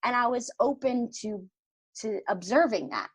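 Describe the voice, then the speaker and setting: A woman's voice: a little high, moderate pace, slightly rough, no echo, rough recording. A middle-aged woman, a podcast guest, telling a personal story in casual conversation and acting out the dialogue she quotes. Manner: animated, acts out quoted dialogue.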